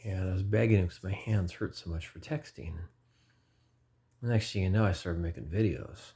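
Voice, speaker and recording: Man in his 40s, deep husky voice, earnest lay preacher, rambling testimony, self-correcting. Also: moderate pace, dark tone. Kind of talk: informal personal testimony.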